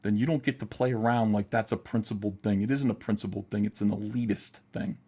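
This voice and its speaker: A man's voice: fairly low pitch, fairly even intonation, brisk, mellow, slightly rough. A man hosting a livestream, talking in a heated, profane, emphatic way while ranting and reading chat. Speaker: livestream host.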